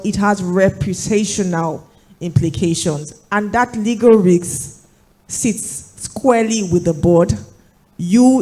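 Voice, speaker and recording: A woman with a hoarse voice from a recent flu, answering as a panelist in a panel discussion with measured points. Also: medium pitch, warm tone. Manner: measured, rephrases and builds points. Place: conference hall.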